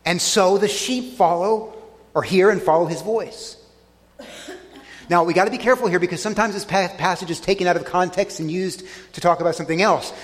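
A man preaching a sermon, earnest and emphatic, slowing down to stress key phrases. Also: high-pitched, long reverb tail. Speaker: pastor.

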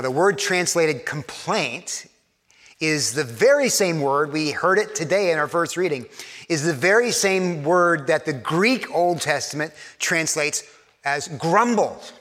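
A pastor with a fairly bright, higher-leaning voice preaches a conversational sermon in church, often repeating words and acting out imagined quotes. Long church reverb trails his speech.

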